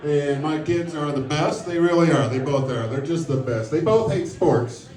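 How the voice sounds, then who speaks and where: On a comedy club stage before a live audience, a middle-aged man delivers a dry, self-mocking, profane stand-up set. His voice is a little high and a little mellow, at normal speed. The mic sits at a distance, giving roomy live club sound full of audience laughter.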